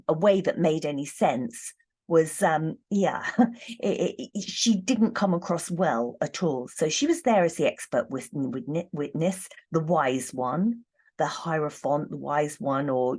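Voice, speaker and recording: A woman reading tarot cards in a casual, thoughtful monologue, pausing often and restarting her sentences. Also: deep voice, a little mellow. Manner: thoughtful, hesitant, many ums and restarts. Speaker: tarot reader.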